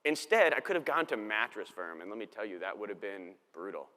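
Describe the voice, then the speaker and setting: A man's voice: lowish voice, sing-song, a little fast, bright, forceful tone. A man in his thirties giving a conference keynote on stage, telling his day as a casual, joking story into a stage microphone. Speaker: keynote speaker. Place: large conference hall on stage. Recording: long hall reverb.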